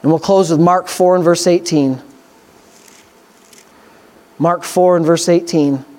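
A man delivers a sermon. He reads scripture slowly and carefully. He then builds into loud, excited exhortation, with his voice climbing. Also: on the high side. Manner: swings from slow scripture reading to loud excited preaching. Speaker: preacher.

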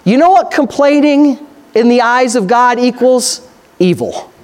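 A high-pitched male pastor delivering a sermon. He reads Scripture aloud and punctuates it with pointed rhetorical questions, pressing his points home with emphasis. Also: steady tone, measured pace.

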